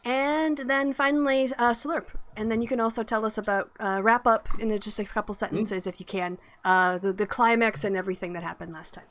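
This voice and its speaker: A woman's voice: mid-range voice, steady tone, brisk, hardly any pauses, a bit bright, slight background noise. A woman hosting a live-streamed tabletop game as game master, friendly and laughing, with many fillers.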